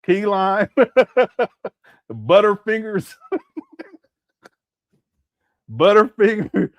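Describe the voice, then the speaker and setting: A man's voice: sits high, big pitch swings, extremely slow, dry recording. Laughing, mocking man on a live stream. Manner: laughs often, mocking asides. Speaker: commentary streamer. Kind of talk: casual live-stream commentary.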